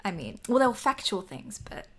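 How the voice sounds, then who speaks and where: A woman's voice: mid-range voice, sing-song, moderate pace, breathy edge. A young woman co-hosting a podcast in casual chat, chatty and emphatic, laughing often. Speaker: podcast co-host.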